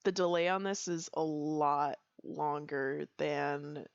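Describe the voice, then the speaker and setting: A woman chatting on her livestream, very slow and unhurried, with a gravelly, fry-laden edge to her lower-pitched voice. She laughs often and pokes fun at herself. The sound is dry and a little dull, as if from a modest desk mic. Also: steady tone, no room sound. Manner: giggly, self-deprecating, laughs often. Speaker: streamer. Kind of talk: casual livestream chat.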